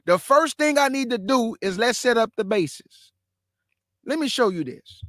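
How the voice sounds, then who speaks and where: Emphatic high-voiced man teaching scripture. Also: expressive, normal speed, a bit bright, no room sound, clean studio sound. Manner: emphatic, repeats key phrases, calls listeners "family"; walks through a shared screen map while talking. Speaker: Bible teacher, show host. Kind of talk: casual Bible teaching.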